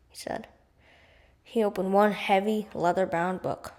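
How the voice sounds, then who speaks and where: A woman reading a storybook aloud for home study, careful and steady at a middling pitch. She sometimes goes back over a word to get it right. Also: measured pace, long pauses. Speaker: audiobook reader. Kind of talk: read-aloud storybook narration.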